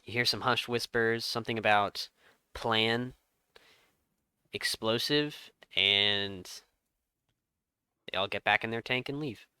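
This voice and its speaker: A man runs a tabletop game, narrating each scene with measured, dramatic pauses. His voice is bright and crisp. The sound is dry and close to the mic. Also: fairly low pitch, dry recording. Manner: lively storytelling with dramatic pauses. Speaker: game master.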